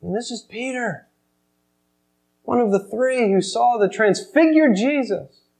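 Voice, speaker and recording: A man preaching a sermon, retelling a scene dramatically and swinging between loud emphasis and hushed, slow passages. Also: very high-pitched, creaky, low-quality recording. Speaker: pastor.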